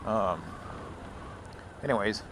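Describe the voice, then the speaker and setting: A man's voice: on the low side, expressive, slow, background noise. A man from Louisiana with a Southern accent, rambling casually while riding a motorcycle. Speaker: motovlogger.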